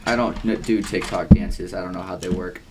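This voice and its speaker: A man's voice: sits low, fairly even intonation, fairly quick, very noisy. A young man co-hosting a podcast, telling long rambling stories with lots of swearing and acted-out quotes. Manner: rambling storyteller, swears a lot, acts out quotes. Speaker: podcast co-host. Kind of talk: casual chat.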